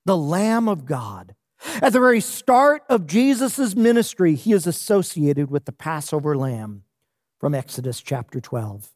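A pastor preaching a sermon in church, speaking deliberately and letting the pitch fall low at the ends of phrases. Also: sing-song, darkish tone, dry recording, studio quality.

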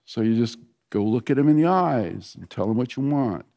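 A man in his sixties preaching in a relaxed, storytelling manner, his voice sitting at an ordinary middle pitch. He tells homely anecdotes to his congregation and slips into a quiet, hushed tone for short prayers. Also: moderate pace, creaky, in a large hall. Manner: conversational storytelling preacher, drops to a soft hush for prayers. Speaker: pastor. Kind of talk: sermon.

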